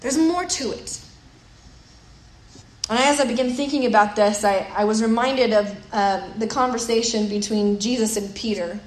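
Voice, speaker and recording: A woman's voice: on the high side, normal speed. A woman preaching a sermon in a conversational way, often repeating words as she thinks aloud. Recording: roomy echo with faint noise.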